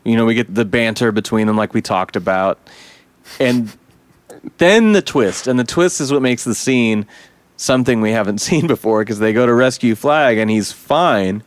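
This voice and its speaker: An animated man in a casual podcast chat about movies, mid-pitched and swearing freely. He jumps into quick quoted lines as he talks. The sound is dry and close, with no room around him. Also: no room sound. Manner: animated, profane, breaks into quoted voices. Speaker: podcast host. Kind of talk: casual film discussion.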